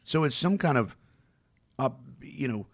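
A man co-hosting a podcast, telling a shopping story in a casual, animated way and acting out what other people said. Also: medium pitch, measured pace, no room sound, clean studio sound. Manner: animated anecdote teller, mimics other people. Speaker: co-host.

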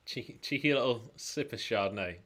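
A man hosting a relaxed, jokey chat over drinks, talking chattily with plenty of fillers. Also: medium pitch, brisk. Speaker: podcast host and esports caster.

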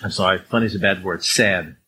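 A man's voice: sits low, brisk, pushed and bright, a little hiss or hum, poor audio. A man preaching a conversational sermon as a pastor, reading verses and acting out everyday speakers. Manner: conversational, acts out swearing speakers in a raised voice.

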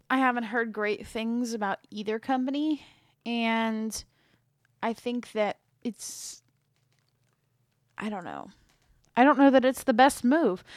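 A woman's voice: mid-range voice, dry recording, studio quality. Frank woman on a podcast panel. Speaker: podcast co-host. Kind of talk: casual panel chat.

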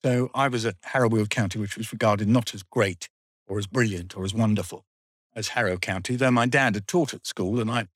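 A man's voice: on the low side, fairly quick, fairly bright tone, slightly rough, dry recording. An older man, telling school memories in a rambling, dryly funny way. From England. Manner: rambling storyteller, dry humour. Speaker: guest. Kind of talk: reminiscing interview.

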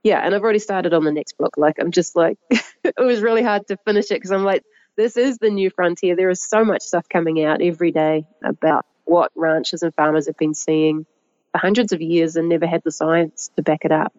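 A middle-aged woman with a New Zealand accent, a guest who talks about her work in a lively, chatty way and laughs often. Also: fairly low pitch, a little fast, no room sound, dull audio. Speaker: guest, agroecologist and author. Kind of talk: conversational interview.

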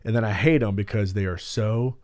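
A man's voice: lowish voice, fairly quick, a little mellow. A man in his thirties co-hosting a podcast, telling a rambling family story with lots of "like" and then moving into Bible teaching. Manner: rambling storyteller, acts out quotes with many "like"s. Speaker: podcast co-host. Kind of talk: casual chat and Bible teaching.

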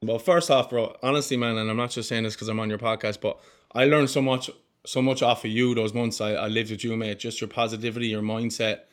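An earnest young man in his twenties, speaking as a podcast guest in a heartfelt, casual way. His pitch sits in a middle range, and his talk is loose and friendly, full of "mate" and "bro". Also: steady tone, brisk. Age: 20s.

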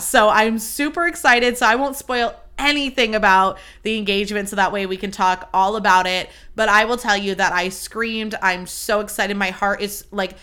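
A young woman gushes through a casual solo podcast episode she hosts, bubbly and liberal with swear words, in a mid-range voice that sounds pushed and bright.

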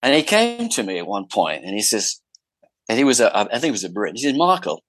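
A low-voiced man being interviewed as an actor guest, telling lively anecdotes with lots of fillers and restarts. His voice is recorded close and dry. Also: fairly quick, no room sound, rough recording. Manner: animated storyteller with many fillers and restarts.

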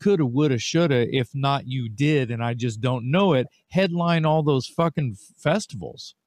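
A man's voice: medium pitch, normal speed, a little mellow. An enthusiastic man co-hosting a casual interview, swearing freely as he talks. The sound is dry and close, with no room echo. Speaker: co-host.

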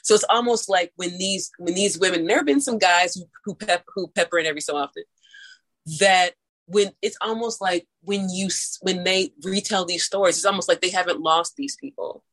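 A woman from St. Louis with a St. Louis accent, telling stories in casual chat, animated and laughing, with big leaps in pitch. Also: normal speed, poor audio. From St. Louis, USA. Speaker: storyteller guest.

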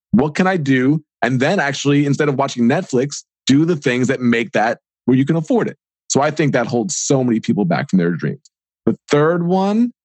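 A man in his forties, a podcast guest and author, talking in a casual, energetic and rambling way and acting out little imagined dialogues. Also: medium pitch, no echo. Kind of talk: casual interview talk.

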